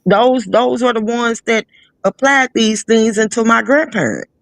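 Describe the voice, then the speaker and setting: A woman's voice: on the high side, expressive, a little slow, gravelly, no echo. A blunt, profane woman, speaking in a casual live chat. She often restarts her sentences mid-thought. The sound is dry and close.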